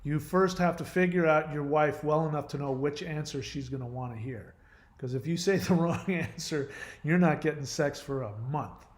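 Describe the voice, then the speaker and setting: A man's voice: a little high, moderate pace. A middle-aged man from the United States talking in a casual monologue, rambling, blunt and profane, often hedging that he doesn't know. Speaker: host.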